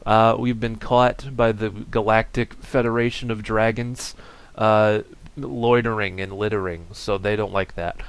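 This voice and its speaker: A man's voice: fairly low pitch, steady tone, a little slow, smooth, no room sound. A man voicing a silly, chatty male mascot character, rambling playfully in an improvised comedy bit. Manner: playful, rambling, bits of mock hype.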